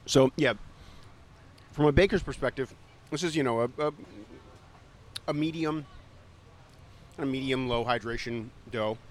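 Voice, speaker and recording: A man's voice: medium pitch, measured pace, long pauses. A man co-hosting a casual food podcast, eating pizza as he talks and explaining things with many ums and restarts. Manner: hesitant, filler-heavy, thoughtful, talks while eating. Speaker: podcast co-host.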